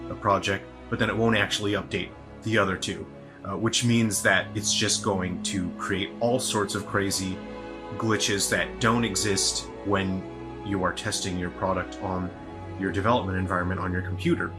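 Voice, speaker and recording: A man's voice: sits low, steady tone, moderate pace, over music. A man giving a rambling, casual video update as a solo game developer, sounding tired, with many fillers and restarts.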